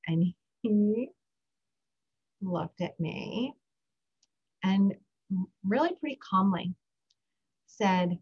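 A woman's voice: fairly low pitch, slow, long pauses, husky. A middle-aged woman hosting a parenting podcast, telling a story from her own life and guiding a short breathing exercise. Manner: warm reflective storytelling, guides breathing. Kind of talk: casual solo podcast talk. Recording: dull lo-fi recording.

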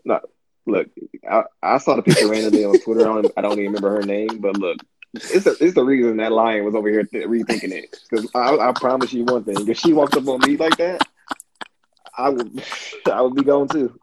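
A man co-hosting a podcast who jokes quickly with lots of slang in a casual chat. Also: medium pitch, noisy background. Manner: fast, lively joking with slang. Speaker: podcast co-host.

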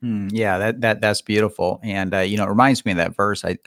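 A man hosting a faith discussion, speaking haltingly and pausing to search for his words. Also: lowish voice, steady tone, a bit bright, dry recording, clean studio sound. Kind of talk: conversational faith talk.

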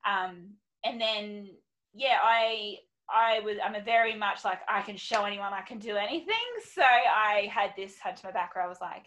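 A woman's voice: medium pitch, fairly even intonation, normal speed, a bit bright, muffled recording. A woman in her thirties, a podcast guest telling her story in candid, chatty talk full of ums and quoted asides. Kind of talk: casual podcast chat.

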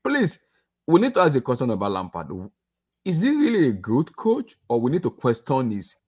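A man's voice: mid-range voice, moderate pace, slightly rough. A man whose first language is Arabic, ranting and mocking in a casual football podcast chat. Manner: animated, mocking rants. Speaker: football pundit.

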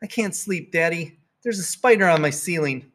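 A man voicing an anxious, dramatic little girl in a storybook reading, pleading and excitable. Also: a little high, moderate pace, voice pushed up, lightly acted.

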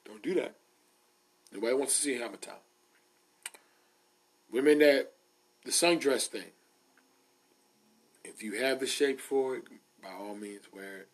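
A man hosting his podcast, ranting loudly and emphatically in a casual comedic way, repeating himself for effect. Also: mid-range voice, a little slow, long pauses. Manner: loud, emphatic, repetitive. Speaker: podcast host.

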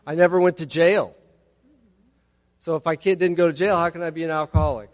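A man's voice: on the high side, fairly even intonation, fairly quick. A man in his fifties from Texas, telling his recovery story to a meeting with wry, humorous asides. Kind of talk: personal testimony talk. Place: large hall at a conference. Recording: long hall reverb.

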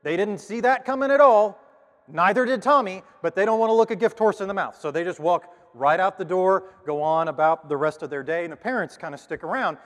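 Male preacher storyteller, relaxed and folksy, a bit high-voiced, long hall reverb. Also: a little fast. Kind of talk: storytelling sermon illustration.

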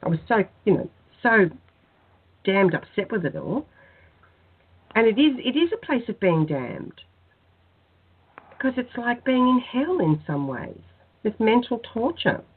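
A woman guest in a spiritual radio interview, telling her personal story in an earnest, soft-spoken way. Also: a little high, big pitch swings, unhurried, long pauses, husky. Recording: tinny phone-line sound.

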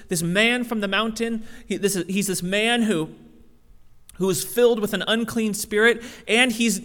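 High-voiced man preaching in a reverberant hall. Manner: casual, animated preaching with frequent restarts. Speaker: pastor. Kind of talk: sermon.

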